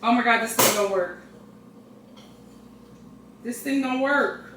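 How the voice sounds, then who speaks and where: A woman's voice: fairly high pitch, slow pace, background noise. A woman vlogging casually at home, exclaiming and grumbling to her viewers as she unboxes something. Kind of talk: casual vlog chat. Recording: roomy echo, faint ambience.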